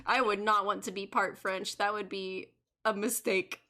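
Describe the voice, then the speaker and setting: A woman's voice: mid-range voice, fairly even intonation, moderate pace, sharp tone. A woman streaming a game, chatting casually and joking in a playfully boastful way. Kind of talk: casual let's-play commentary.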